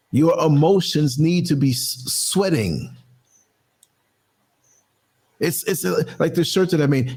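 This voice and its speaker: A man hosts his own podcast in an emphatic, conversational monologue. His voice sits a little high and has a husky edge. He drops and raises his pitch to stress his points. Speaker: podcast host. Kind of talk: casual monologue commentary.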